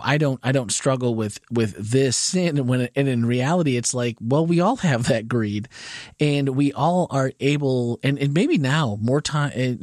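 Man, forties, earnest, winding talk, mid pitch, dry sound. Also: a little mellow, no echo. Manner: earnest storyteller, winding long sentences. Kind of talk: casual conversation.

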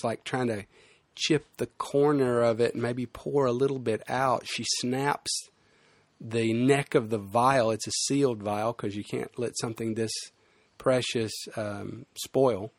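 A man's voice: mid-range voice, no echo. Male pastor, mid-range voice, casual explanatory sermon delivery, dry recording. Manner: conversational and explanatory, with fillers and restarts.

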